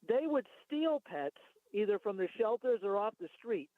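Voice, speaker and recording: A male caller phones in to talk radio and argues his points at length, sometimes reading from notes. His voice is high. It comes through a thin phone line with a dry sound. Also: very animated, moderate pace, no room sound. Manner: rambling, argumentative, reads from notes.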